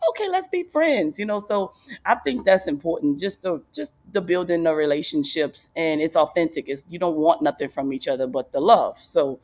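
A woman comedian being interviewed in a casual podcast chat, loose and rambling, leaping into high excited voices when she quotes people. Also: normal speed. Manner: loose, rambling delivery with restarts. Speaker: guest comedian.

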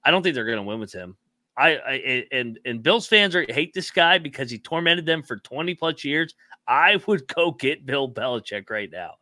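A man's voice: medium pitch, animated, normal speed, bright, forceful tone, no echo, clean studio sound. A male podcast co-host in casual chat who rants in an emphatic, fired-up way and swears freely. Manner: fired-up, profane, emphatic ranting.

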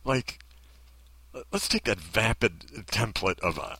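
A man rants in a bitter monologue, throwing out sarcastic rhetorical questions. His voice swings widely in pitch and has a bright, forceful edge. The sound is dry and close, with no room around it. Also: lively intonation, unhurried, husky, no room sound. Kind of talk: ranting monologue.

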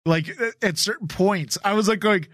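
A man co-hosting a casual podcast, talking in an excitable, animated way and quickly agreeing with his partner. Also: high voice, husky, no echo, studio quality. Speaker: podcast co-host.

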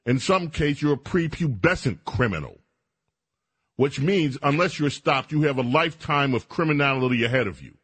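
A man's voice: medium pitch, husky. A man hosting a radio talk show, delivering an indignant, emphatic monologue with stammered restarts.

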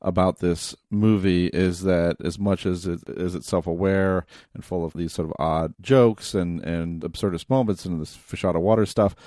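A man's voice: deep voice, steady tone, moderate pace, few pauses, warm tone, dry recording, clean studio sound. A man co-hosting a film podcast, talking casually with frequent restarts and laughs. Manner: hesitant, many restarts and laughs. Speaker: podcast co-host.

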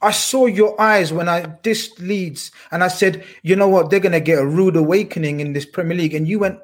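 A man hosting a casual football chat, talking in an animated, slangy, emphatic way. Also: sits high, fairly quick. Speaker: podcast host.

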